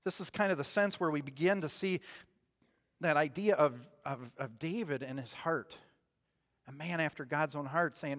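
A man preaching a sermon in a church, retelling stories in a relaxed, conversational way and putting questions to the congregation. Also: fairly high pitch, normal speed, long reverb tail.

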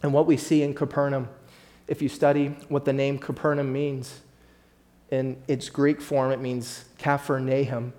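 Male pastor, mid-pitched voice, sermon delivery, builds emphasis, speaks straight to the congregation. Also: flat delivery, measured pace, darkish tone. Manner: preaching with rising emphasis, addresses congregation directly.

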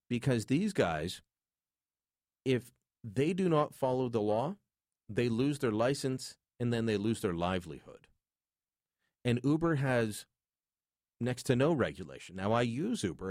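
A man's voice: on the low side, a little mellow, no room sound, studio quality. A man hosting a call-in radio talk show, chatting in a casual, opinionated way.

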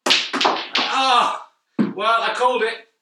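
A man giving deadpan, jokey mock snooker commentary. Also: high-pitched, moderate pace, heavy background noise. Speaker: comedian doing mock commentary. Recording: echoey room, mic at a distance.

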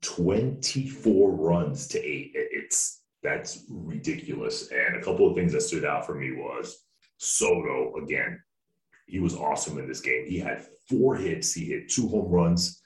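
A man's voice: rumbling low, animated, measured pace. A man co-hosting a podcast in casual chat, rambling and joking with frequent restarts. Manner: rambling, jokey, restarts often. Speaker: podcast co-host. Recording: echoey room, distant mic.

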